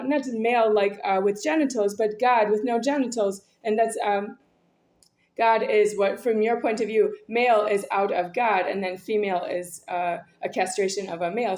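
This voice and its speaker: A woman talking in a rambling personal monologue. She speaks haltingly, with many fillers and restarts, and sounds intense and aggrieved. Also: medium pitch, steady tone, a little mellow. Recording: echoey room.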